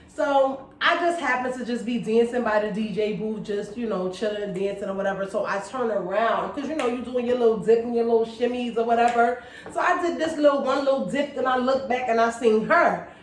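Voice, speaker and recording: High-voiced woman telling a playful story. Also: a little fast, slight background noise. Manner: playful, lively, slangy narrator. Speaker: co-host. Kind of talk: casual storytelling. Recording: echoey room, far from the mic.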